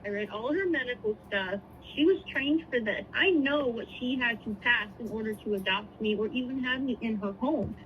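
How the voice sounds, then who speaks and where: A woman's voice: fairly high pitch, normal speed, few pauses, a little hiss or hum. A woman who works as a nurse telling a personal story in an earnest, reflective way. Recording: tinny phone-like audio.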